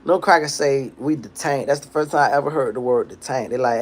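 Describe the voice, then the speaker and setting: A man's voice: medium pitch, a little fast. A young man hosting a livestream, casually telling a long profane story and acting out the people in it. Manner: animated, profane street storytelling, acts out quotes. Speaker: livestream host.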